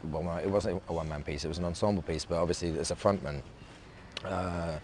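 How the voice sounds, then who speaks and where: An English man, an actor being interviewed, talking in a halting, reflective way with many restarts. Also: low voice, steady tone, darkish tone, a little hiss or hum. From England. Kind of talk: casual interview talk.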